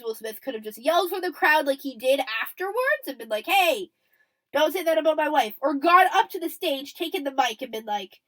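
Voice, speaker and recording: Young woman chatting on her podcast, high lively voice, keeps saying okay? and acting out quotes. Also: poor audio. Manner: chatty, checks in often with "okay?" and "right?"; acts out quoted lines and laughs. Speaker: podcast host. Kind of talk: casual commentary podcast.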